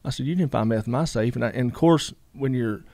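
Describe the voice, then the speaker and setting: Man, middle-aged, rambling storyteller, rapid delivery, dry close sound. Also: mid-range voice, a little mellow, no echo. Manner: rambling, many fillers, quotes others in dialogue. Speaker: guest. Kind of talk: casual storytelling.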